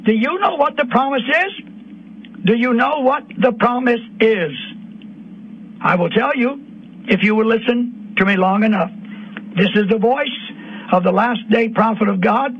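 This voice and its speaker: A man preaching an impassioned sermon on the radio, rising to emotional peaks. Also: very high voice. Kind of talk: fiery sermon. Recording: dull lo-fi radio broadcast.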